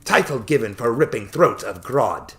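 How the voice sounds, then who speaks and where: A man voicing an earnest female orc envoy who speaks slow, halting, broken English with a thick accent. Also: medium pitch, expressive, fairly bright tone. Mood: formal, earnest.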